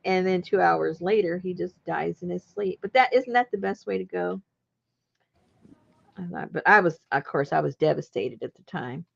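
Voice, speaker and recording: A woman's voice: fairly low pitch, moderate pace, gravelly. A woman host telling a personal story in a chatty, rambling way, laughing often. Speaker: journaling channel host. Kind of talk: casual storytelling. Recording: dull lo-fi recording.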